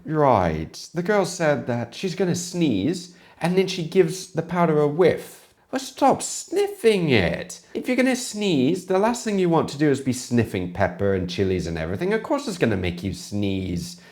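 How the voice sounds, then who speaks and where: An American man with a West Coast accent, a chef giving deliberate, explanatory reaction commentary with a mildly scolding edge. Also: fairly high pitch, sing-song, a little mellow.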